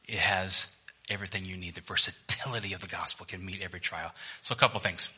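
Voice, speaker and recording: A male pastor preaching to his congregation in a church, with a very bright, cutting edge to his tone. He is animated and direct, firing questions and jokes at the listeners. He drops from ringing emphasis into soft, low stretches and back again. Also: fast, breathy edge. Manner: animated preaching, swinging from loud emphasis to hushed, low delivery. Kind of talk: sermon.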